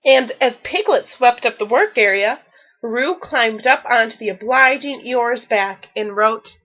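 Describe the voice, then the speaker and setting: A woman reading a children's story aloud with expressive storytelling. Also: a little high, a little slow, muffled recording. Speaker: storybook reader.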